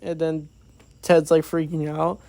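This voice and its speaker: A man's voice: on the high side, little pitch movement, unhurried, creaky, a little mellow, no echo. A man giving a casual, rambling movie review, recapping the plot with many fillers and quoted lines.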